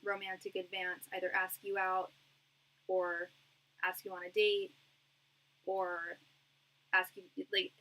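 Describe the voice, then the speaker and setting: A woman's voice: mid-range voice, little pitch movement, takes it slowly, pauses often, bright, forceful tone, rough recording. A young woman doing a live-stream tarot reading. She talks in a chatty, reassuring way, with lots of fillers and restarts. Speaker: tarot reader.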